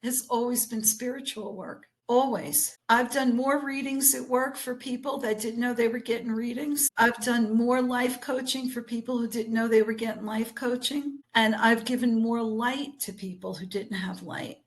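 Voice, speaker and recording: An older woman with a slightly high voice talks earnestly as an interview guest. She encourages her listener warmly and tells stories about her work as a spiritual teacher, acting out what people said. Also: steady tone, moderate pace, few pauses. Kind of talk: casual interview conversation.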